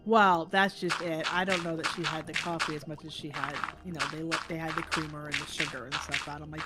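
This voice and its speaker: A woman's voice: steady tone, fairly quick, few pauses, heavy background noise. Chatty woman telling stories on a livestream. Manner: chatty storytelling, acts out quoted people with big pitch jumps. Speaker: livestream co-host. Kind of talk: casual chat.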